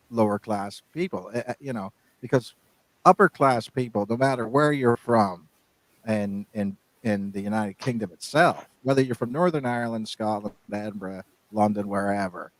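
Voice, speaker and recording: A man with a lowish voice chats on a podcast, wandering through long thoughts and restarting his sentences as he goes. The sound is close and dry, with no room around it. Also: no room sound, poor audio. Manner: rambling, restarts sentences often. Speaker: podcast co-host. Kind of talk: casual podcast chat.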